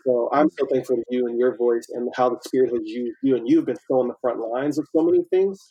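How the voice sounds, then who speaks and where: A man talking as a podcast guest in an earnest, animated way, laughing often. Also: mid-range voice, quick pace, breathy edge, muffled recording. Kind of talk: casual conversation.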